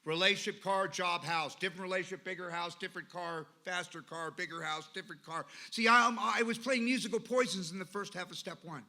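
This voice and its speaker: At a recovery meeting, a man tells his personal story with emphasis and repeated lists. His voice is high, bright and pushed, moving a little fast with barely a pause.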